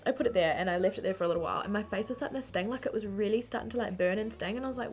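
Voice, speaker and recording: A young woman beauty vlogger tells funny stories to camera in a medium-pitched voice, racing along with hardly any pauses. She's chatty and self-mocking, saying "like" constantly, recorded on a camera mic with soft music behind her.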